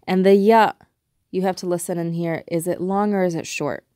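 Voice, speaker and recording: A woman teaching a recorded language lesson, patiently explaining step by step and repeating example words slowly. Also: fairly low pitch, steady tone, warm tone, dry recording, clean studio sound.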